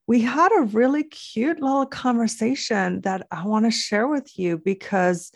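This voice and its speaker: Slow, gravelly-voiced woman podcast host. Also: fairly high pitch, dry recording, studio quality. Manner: earnest, affirming, slow and deliberate. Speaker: podcast host, aesthetic doctor. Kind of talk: heartfelt podcast monologue. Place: home office desk corner. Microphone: video call recording.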